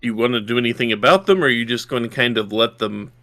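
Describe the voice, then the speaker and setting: A man's voice: mid-range voice, fast talker, a bit bright. A man from Yorkshire narrating a tabletop game as game master, describing scenes and checking rules aloud.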